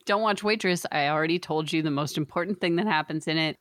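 A woman's voice: deep voice, fast talker, a bit bright. A woman co-hosting a podcast in casual comedic chat, wry and swearing freely. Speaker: podcast co-host.

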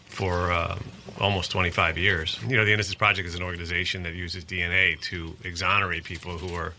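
A man's voice: deep voice, quick pace, a little hiss or hum. A man speaking as an interview guest in a casual, earnest way, telling stories with plenty of energy. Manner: earnest, animated storyteller. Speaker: guest, musician and advocate.

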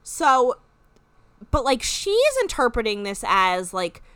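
A woman in casual chat, recapping a reality show with animated retellings and free swearing. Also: fairly high pitch, takes it slowly, smooth, no room sound. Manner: animated, swears freely, acts out quoted lines. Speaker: podcast co-host.

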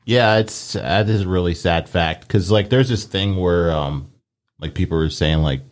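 A man's voice: low-pitched, moderate pace. A man in casual conversation, opinionated and loose, swearing freely. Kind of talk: casual chat.

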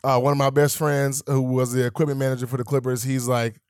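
A man's voice: medium pitch, flat delivery, quick pace, darkish tone, clean tone, dry recording, clean studio sound. Laid-back man telling stories, swearing. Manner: laid-back, swears freely, acts out quotes, laughs while telling. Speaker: guest, professional athlete. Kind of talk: casual interview storytelling.

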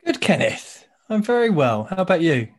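A man's voice: high voice, very animated, moderate pace. A man from England hosting a podcast, chatting casually with dry, self-mocking humour. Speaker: podcast host. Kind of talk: casual chat.

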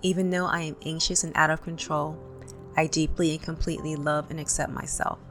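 Low, gravelly-voiced woman guiding tapping. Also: fairly quick, soft background music. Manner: calm, repeats affirmations for listeners to echo. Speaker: tapping instructor. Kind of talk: guided tapping session.

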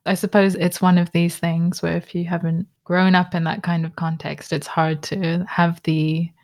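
A woman interviewer with a somewhat low voice speaks in short, reflective turns. She responds gently and laughs easily in a casual chat. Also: level tone, moderate pace. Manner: reflective, brief replies and easy laughter. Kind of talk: casual conversation.

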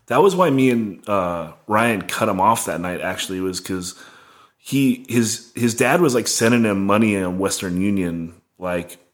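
A man's voice: lowish voice, animated, measured pace. A young man casually telling a rambling, profane tour story, full of "like" and laughs. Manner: rambling, heavy on "like", swearing, laughing.

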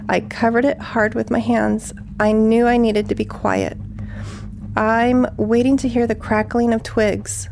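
Slow, gravelly woman reading hushed. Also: a little high, background noise. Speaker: eyewitness guest. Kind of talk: reading from her journal, then casual recollection. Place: her TV room at home.

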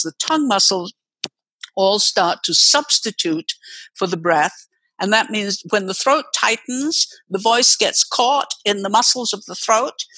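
An older woman voice teacher, explaining expressively as a guest, swooping her pitch to demonstrate. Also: bright, forceful tone, breathy edge, no echo, rough recording. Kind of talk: explanatory interview talk.

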